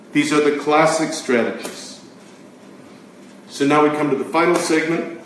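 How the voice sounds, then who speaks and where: A man preaching a sermon with emphatic delivery, swinging between loud declarations and hushed words. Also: a little high, normal speed, pauses often. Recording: very echoey room, distant mic, faint noise.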